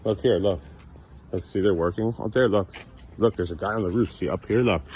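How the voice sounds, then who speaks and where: A man's voice: on the low side, a little fast, darkish tone, slight background noise. A man talking casually to his young son as a father, playful and coaxing, teasing him now and then.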